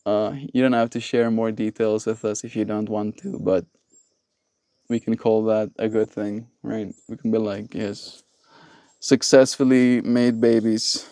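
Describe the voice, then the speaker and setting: A man's voice: lowish voice, flat delivery, normal speed, dark tone, no echo. A man hosting a live stream, chatting casually with viewers and laughing often. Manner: playful, laughs often, mock voices for viewers. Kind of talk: casual live-stream chat reading chat messages. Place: outdoors with mosquitoes.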